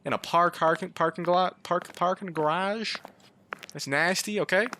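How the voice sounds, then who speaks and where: A man's voice: high-pitched, moderate pace, sharp tone, a little hiss or hum. A man giving comic let's-play commentary, pleading with his car and joking, breaking into yelps and swearing. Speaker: gaming YouTuber.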